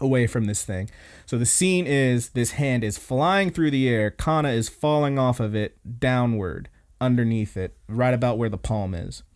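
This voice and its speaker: A man hosting an anime podcast, excitedly retelling scenes and swearing freely. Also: mid-range voice, moderate pace. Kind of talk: casual podcast recap.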